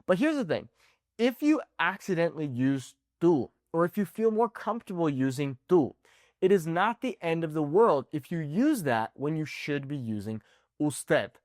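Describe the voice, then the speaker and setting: A man teaching an online language lesson, animated and often checking in with "okay?". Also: fairly high pitch, moderate pace, no room sound, clean studio sound. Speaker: Spanish teacher.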